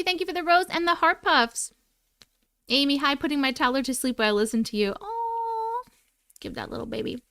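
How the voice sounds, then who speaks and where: A woman's voice: high voice, a bit bright, clean tone, dry recording, clean studio sound. A woman hosting a casual livestream, greeting chatters by name in a playful, sing-song way while snacking. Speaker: livestream host.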